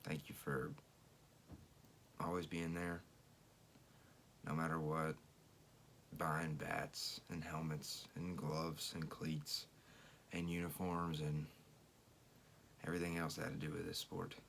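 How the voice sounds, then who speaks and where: A young man with an extremely deep, gravelly voice speaks a reflective tribute to his father, pausing to find his words. A faint rumbling noise sits under the recording. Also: little pitch movement, a bit bright. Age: young adult. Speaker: senior athlete thanking his father. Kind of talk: emotional tribute speech.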